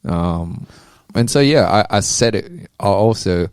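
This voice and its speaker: Male boxer guest, very deep and gravelly, easygoing, dry close mic. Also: animated, measured pace, a little mellow, dry recording. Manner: laid-back, many fillers. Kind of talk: casual interview chat.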